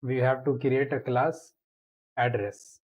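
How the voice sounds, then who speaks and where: A man's voice: mid-range voice, steady tone, narrow, tinny audio. A man explaining a programming lesson step by step as he types code in a screencast tutorial. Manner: slow, step-by-step explaining while typing.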